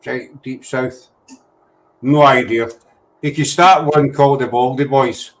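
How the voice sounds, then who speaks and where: A man's voice: mid-range voice, steady tone, a little slow, low-quality recording. A man hosting a casual chat, rambling and easily sidetracked. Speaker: host.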